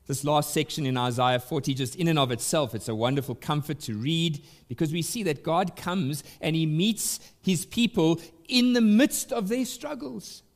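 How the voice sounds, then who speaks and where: A man pastor preaching a sermon at a church service, emphatic and deliberate, swinging up in pitch and volume to press his points.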